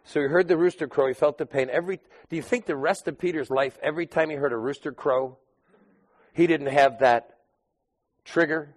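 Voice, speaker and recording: Man preaching with loud, sudden peaks. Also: on the high side, normal speed. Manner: conversational preaching with sudden loud emphatic peaks and quiet drops. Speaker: pastor. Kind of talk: sermon.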